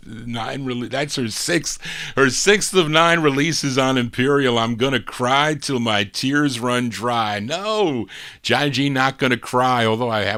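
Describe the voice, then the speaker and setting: A man's voice: mid-range voice, measured pace, a bit bright. A man hosting an oldies radio show, chatting about records and correcting himself as he goes. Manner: chatty, self-correcting, full of record trivia.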